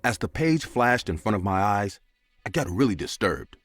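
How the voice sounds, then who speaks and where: A man's voice: sing-song, moderate pace. A man narrating a scary story in a dramatic scripted style. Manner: dramatic, with big swings of pitch.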